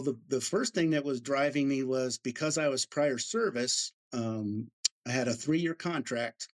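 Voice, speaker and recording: Speaking at medium pitch, this middle-aged American man, an Army veteran, shares stories casually during an interview. He's animated and imitates the voices of those he quotes.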